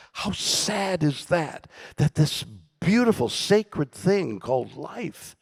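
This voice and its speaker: Older man, gravelly, husky, dramatic storyteller, whispers and bursts. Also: fairly high pitch, no echo, clean studio sound. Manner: theatrical, swings from loud bursts to hushed whispers. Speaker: keynote guest. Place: conference stage.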